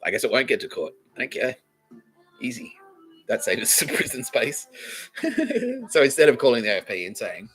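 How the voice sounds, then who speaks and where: A lowish male voice at normal speed, pausing often, belongs to an Australian comedy podcast host. He tells rambling, laughter-filled stories thick with swearing in animated rants, with soft music behind him and a rough recording.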